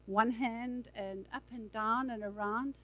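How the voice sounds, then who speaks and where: A woman's voice: fairly high pitch, steady tone, takes it slowly, a bit bright, low-quality recording. A woman preaching a sermon in a chatty, conversational way with asides, speaking into a handheld mic in a church. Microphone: handheld microphone.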